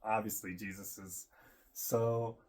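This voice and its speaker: A man's voice: fairly low pitch, steady tone, takes it slowly, a little mellow. A man vlogging in a casual, meandering monologue, full of fillers and frequent laughs. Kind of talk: casual rambling monologue to camera.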